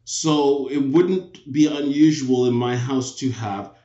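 A man's voice: medium pitch, slow pace, dark tone. An English-born man with a Canadian accent, a guest talking reflectively about his life in a casual interview. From England. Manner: reflective, with frequent restarts. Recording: roomy, dull lo-fi sound.

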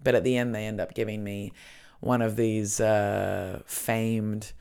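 A woman's voice: rumbling low, flat delivery, unhurried, vocal fry, darkish tone, smooth. A woman hosting a podcast, telling casual stories in a rambling way with lots of fillers and swearing. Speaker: podcast host. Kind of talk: casual chat, storytelling.

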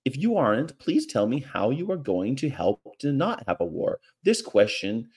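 A man's voice: mid-range voice, big pitch swings, normal speed, darkish tone, slightly rough. A man voicing an earnest ten-year-old girl reading out her letter.

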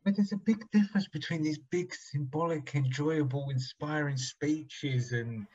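Husky guy on a podcast, blunt and grim, kinda dull lo-fi sound. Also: a little high, measured pace, warm tone. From London. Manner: blunt, grim, sobering, swearing. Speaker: podcast co-host. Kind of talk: casual chat.

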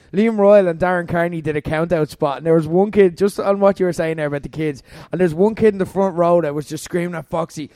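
A man's voice: high voice, brisk, dark tone, no room sound, clean studio sound. A young Irish man hosting a casual wrestling podcast, enthusiastic and laughing along. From Ireland. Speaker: podcast host. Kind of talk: casual chat.

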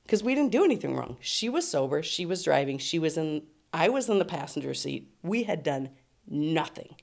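A middle-aged woman with a lowish, gravelly voice tells a personal story in loose, casual chat. She laughs a lot, swears without a second thought and mimics the people in her tale. Her voice has a rough, crackly edge. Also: brisk. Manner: animated, laughing, swearing freely; acts out other people's voices in quotes. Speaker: storytelling guest.

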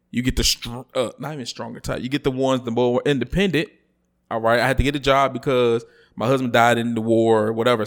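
Guy going off on a podcast, casual chat that builds to a loud rant. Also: medium pitch. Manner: animated, rises to loud ranting when worked up. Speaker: podcast co-host.

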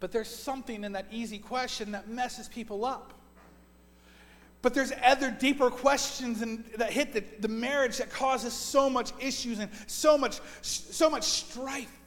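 A man's voice: extremely high pitch, fairly even intonation, measured pace, a bit bright. A man in his forties preaching a sermon as pastor, earnest and often repeating words as he builds a point. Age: 40s. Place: church sanctuary. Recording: long church reverb.

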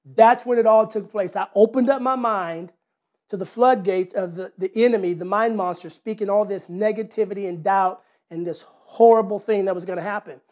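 A man's voice: sits high, moderate pace, a little mellow. A man preaching a sermon, talking in a conversational way with rhetorical questions, repeated words and a personal story.

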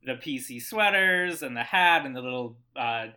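A man's voice: mid-range voice, lively intonation, normal speed, pushed and bright. A man guesting on a casual podcast who rambles enthusiastically, with lots of fillers. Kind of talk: casual chat.

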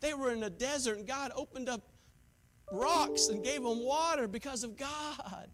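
Man, pastor, very high voice, preaching, hushed to shouting swings. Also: moderate pace, over loud music. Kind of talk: sermon.

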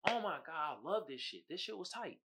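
A man hosting a podcast, recapping a horror movie and reading memes in a casual, animated monologue, swearing freely and breaking into loud shouted impressions. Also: high-pitched, brisk, heavy background noise. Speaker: podcast host.

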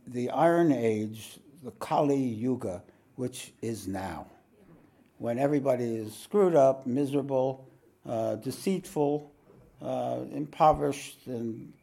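A man, a spiritual teacher, telling a story to a meditation audience in a rambling way, often clearing his throat and using fillers. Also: mid-range voice, mellow.

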